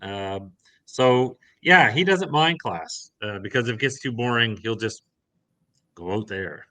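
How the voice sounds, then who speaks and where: A man's voice: medium pitch, expressive, measured pace, pushed and bright, no room sound. A man describing his character at a tabletop game in a chatty, rambling way. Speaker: player. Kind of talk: tabletop play.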